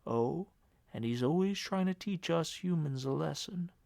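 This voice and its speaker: A man voicing a cold, pious middle-aged uncle who murmurs slowly and solemnly. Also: lively intonation, creaky, darkish tone, no echo, studio quality. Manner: low, murmuring, slow and heavy.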